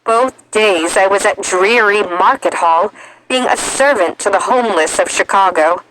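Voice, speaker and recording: A woman narrating an audiobook in the first person, measured and reflective. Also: mid-range voice, fairly bright tone, a little hiss or hum, rough recording.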